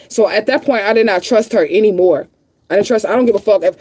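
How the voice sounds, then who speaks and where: A livestreaming vlogger, upset and near tears, rants to her viewers in blunt, profanity-heavy language, repeating herself for emphasis. Her mid-range voice is fast and darkish in tone, captured in a dry recording.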